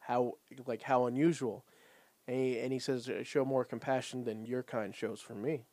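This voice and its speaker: A man's voice: mid-range voice, moderate pace, dry recording. A man casually recapping a show with a co-host, laughing often and swearing while retelling scenes. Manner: laughing, profane, animated retelling.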